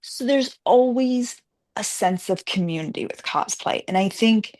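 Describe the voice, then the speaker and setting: A woman's voice: medium pitch, expressive, a little slow, darkish tone. A woman guest author in a casual interview, telling stories animatedly and acting out the voices of the people she quotes.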